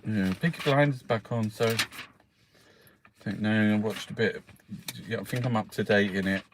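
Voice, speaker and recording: A man's voice: fairly low pitch, moderate pace, background noise. An Irish man hosting a casual newspaper review, rambling and swearing freely as he talks. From Ireland. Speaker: host.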